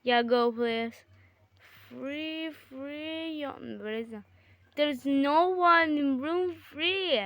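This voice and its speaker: A high-voiced woman chats through a game with her sibling, exclaiming and bickering. She talks at an unhurried, drawn-out pace even when she gets excited. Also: dry recording. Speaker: gamer. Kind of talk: casual gaming chat with a sibling.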